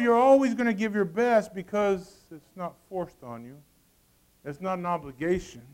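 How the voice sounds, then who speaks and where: A male pastor preaching a sermon, reading scripture in old-fashioned wording and calling out to the congregation, swinging from loud to hushed. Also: high-pitched, normal speed.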